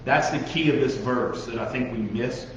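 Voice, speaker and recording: A man preaching a lively sermon to young listeners, talking straight at them and acting out the voices of the people he describes. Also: mid-range voice, moderate pace. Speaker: pastor. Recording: dull, echoey hall recording with faint noise.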